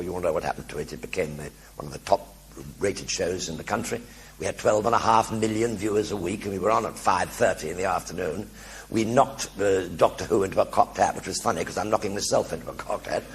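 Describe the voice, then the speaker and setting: An older man telling anecdotes in a one-man stage show before an audience, animated and acting out the voices of everyone in his stories. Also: sits low, quick pace, breathy edge. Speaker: stage performer.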